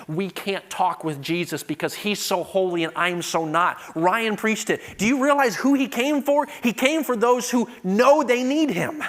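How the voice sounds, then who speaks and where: Emphatic male preacher, rising to loud peaks. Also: sits high. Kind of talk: sermon.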